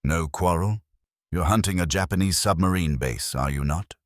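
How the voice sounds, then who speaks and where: A man voicing a polished, courteous ghost captain of an eighteenth-century British warship who is quietly menacing, in a scripted horror story. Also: sits low, normal speed, dry recording, clean studio sound, close to an everyday voice. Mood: silky menace.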